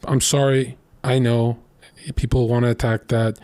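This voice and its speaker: A man's voice: medium pitch, flat delivery, a little slow, dark tone, clear, resonant tone, no room sound. A young man telling crude stories in a blunt, boastful casual monologue as a streamer.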